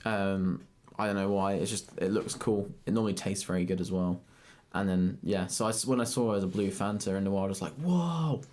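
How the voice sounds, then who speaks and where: A young man in his twenties talks in a low voice on a casual podcast. He rambles, swears now and then and breaks into laughter often. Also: steady tone, brisk, hardly any pauses, a little mellow, a little hiss or hum. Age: 20s. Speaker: podcast co-host. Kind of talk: casual chat.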